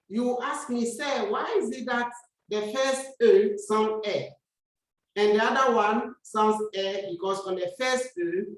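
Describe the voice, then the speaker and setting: Slow-talking woman teacher in an echoey room. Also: medium pitch. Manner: slow and patient, repeats words for practice. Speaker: French teacher. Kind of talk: classroom lesson. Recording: very echoey room, far from mic.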